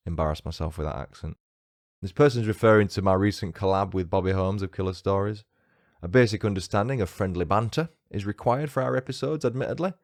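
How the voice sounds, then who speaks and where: A man's voice: low voice, quick pace, no room sound, studio quality. A man with a northern English accent hosting a true-crime podcast, reading listener reviews with cheeky, self-mocking banter. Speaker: podcast host.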